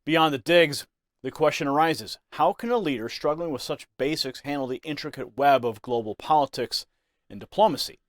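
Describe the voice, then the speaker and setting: A man's voice: fairly high pitch, normal speed, dry recording. Brief: male voice-over narrator, scripted news special, grave emphasis, dry studio sound. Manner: ominous, emphatic delivery.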